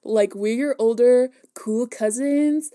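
A woman co-hosting a podcast in casual chat, bubbly and excitable, laughing a lot. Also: on the high side, takes it slowly. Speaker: podcast co-host.

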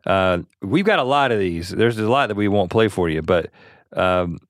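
A man co-hosting a podcast, relaxed and easygoing as he answers listener questions. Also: low-pitched, normal speed, dry recording, studio quality. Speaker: podcast co-host. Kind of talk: casual chat.

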